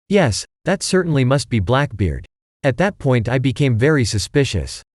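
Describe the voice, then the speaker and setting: A man voicing a grand, slow old stage actor. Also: mid-range voice, a little mellow, dry recording, studio quality, natural voice. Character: elderly male stage actor, grand and vague.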